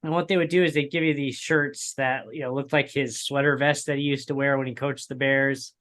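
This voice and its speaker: A man's voice: medium pitch, level tone, fairly quick, fairly bright tone. A man co-hosting a casual racing podcast, telling long rambling stories with frequent chuckles. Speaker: podcast co-host. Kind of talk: casual chat.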